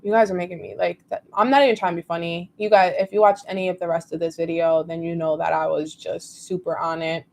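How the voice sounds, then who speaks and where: A woman's voice: lowish voice, flat delivery, fast, vocal fry, hardly any pauses, darkish tone, slight background noise. A woman giving a casual tarot reading to her viewers, rambling and emotive, with many fillers. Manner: rambling and emotive, heavy use of "like". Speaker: tarot reader.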